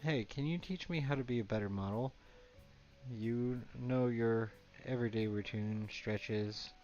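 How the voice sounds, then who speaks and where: A man's voice: medium pitch, unhurried, darkish tone, natural voice. A man reading the lines of an eager young woman model from a game, in his own plain voice. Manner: reading dialogue aloud plainly. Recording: dull lo-fi, faint game music.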